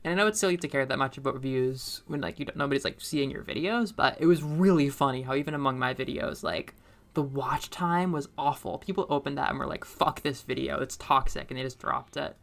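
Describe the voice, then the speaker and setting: A young woman chats casually while she plays a game, her low voice drifting from one topic to the next. She laughs often, and her volume jumps whenever something excites her. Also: fast talker, gravelly. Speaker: streamer and middle school teacher.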